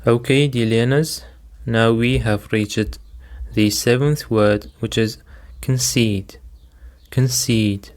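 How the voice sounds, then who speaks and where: A man's voice: mid-range voice, slow pace. A man teaching vocabulary as a second-language speaker, repeating each word and walking through its stress, meaning, synonyms and example sentences step by step. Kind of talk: slow, methodical vocabulary lesson.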